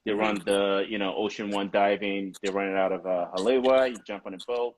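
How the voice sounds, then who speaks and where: A man hosting a relaxed conversation, telling stories with animation and laughing easily. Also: on the low side, fairly quick, a little hiss or hum. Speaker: podcast host. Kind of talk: casual chat.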